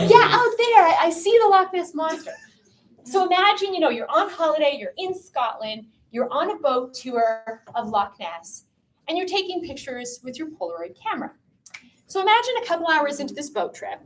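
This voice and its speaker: A woman from Canada speaks to a room of students in a fairly high voice, lively and chatty as she puts questions to her listeners. A faint hum of room noise sits under her words. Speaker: pro-life speaker. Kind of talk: lecture to a student audience. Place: room with a piano and a live audience.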